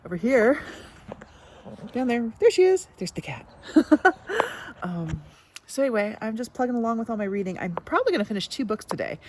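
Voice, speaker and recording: A middle-aged woman talks through her week in a casual book vlog, rambling and cutting herself off as she goes. Her voice sits low yet swings widely in pitch. She laughs at herself while she talks. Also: darkish tone, a little hiss or hum. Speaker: book vlogger. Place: backyard outdoors.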